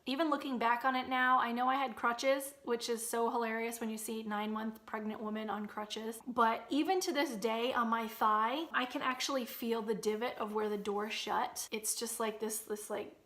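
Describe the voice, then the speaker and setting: Animated woman telling a story. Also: moderate pace, hardly any pauses. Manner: animated, acts out quotes in loud high bursts. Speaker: vlogger. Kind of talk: storytelling vlog.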